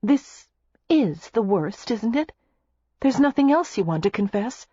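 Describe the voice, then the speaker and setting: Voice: medium pitch, sing-song, a little slow, dark tone, husky, no room sound, muffled recording, pitched above the performer's own voice. A narrator voicing a spirited young American heiress in love in an audiobook, speaking earnestly and insistently. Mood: teasing. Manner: earnest, pleading. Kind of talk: audiobook character reading.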